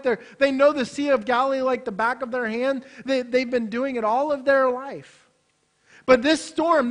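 A man preaching a sermon, swinging from loud, emphatic bursts to hushed, quiet passages. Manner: animated, swings between loud emphasis and hushed low delivery.

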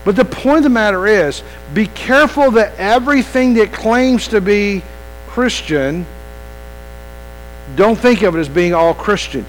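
High-voiced preacher man, mains hum. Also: lively intonation, unhurried, low-quality recording. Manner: conversational preaching with many restarts and direct questions to the congregation. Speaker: pastor. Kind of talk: evening sermon.

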